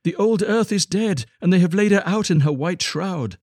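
Small green linnets twitter their gloomy talk in a very high, piping voice, as a man reading a storybook puts them on. The voice is husky, and the room is dry. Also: expressive, normal speed, a little mellow, dry recording, full character voice. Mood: mournful.

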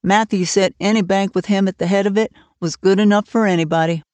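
A woman's voice: medium pitch, fairly even intonation, fast, a little mellow, no room sound, close to an everyday voice. A woman reading the part of a stern, worried older farm woman who speaks plainly and bluntly, for an audiobook. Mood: brisk.

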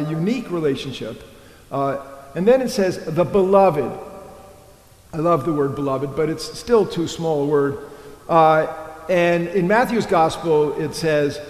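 A man's voice: fairly high pitch, darkish tone. A man preaching an earnest, rambling sermon as a priest, often stopping to restart his thoughts. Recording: echoey church hall.

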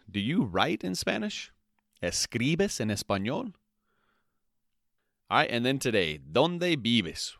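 Slow, lively-voiced male language teacher. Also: on the low side, no room sound, studio quality. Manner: slow, repetitive, spells out phrases twice with translations; checks in with "okay?" and "all right". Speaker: Spanish teacher, podcast host. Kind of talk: podcast language lesson.

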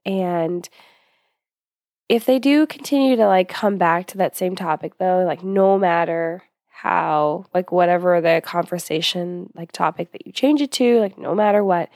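A woman's voice: medium pitch, darkish tone, no room sound, studio quality. A young woman talking casually as a host giving advice, chatty with lots of fillers, a little short of breath. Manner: chatty, many fillers and asides.

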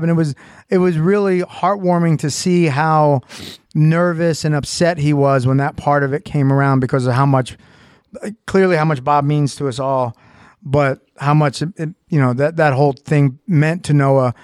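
Jokey podcast man, slightly high voice. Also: fairly even intonation, normal speed, a little mellow, smooth, dry recording, studio quality. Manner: jokey, reflective, laughs easily. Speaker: podcast co-host, school owner. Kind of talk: casual chat.

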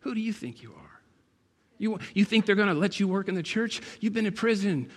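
Give me a man playing a sneering, accusing voice of guilt, a bit high, in a reverberant hall. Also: lively intonation, a little fast. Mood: mocking. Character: taunting inner voice of guilt, mocking and accusing.

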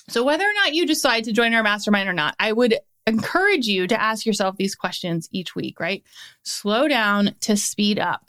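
A young adult woman with a voice on the high side hosts a solo motivational podcast into a podcast mic. She's upbeat and encouraging, repeating points emphatically.

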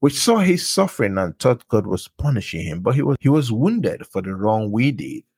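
A man with a husky, low voice reads Bible verses aloud, naming each book and verse before he reads it. His delivery swings widely in pitch and lands with emphasis, and the sound is close and dry. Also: big pitch swings, moderate pace, darkish tone, dry recording. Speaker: scripture reader.

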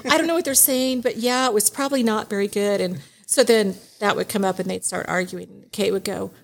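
A middle-aged woman guest on a podcast, telling family stories in an animated way and laughing often. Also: medium pitch, fairly quick, vocal fry. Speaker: guest, divorce mediation attorney. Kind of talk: casual podcast storytelling.

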